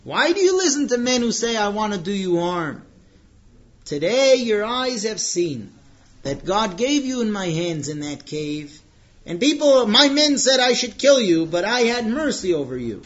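A man's voice: high voice, sing-song, unhurried, lo-fi sound. A man voicing an earnest young biblical king who pleads with a raised voice. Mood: imploring.

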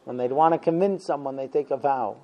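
A man teaching a Talmud class, telling a story with lively acted-out quotes and frequent fillers. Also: mid-range voice, fairly quick. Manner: animated storyteller, acting out quotes, many fillers. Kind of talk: storytelling lesson.

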